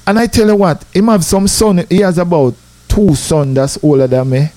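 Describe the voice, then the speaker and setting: Jamaican man, casual storytelling, somewhat high voice, dry close sound, animated. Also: normal speed, no echo. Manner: animated, repeats "you know", rises in pitch for drama.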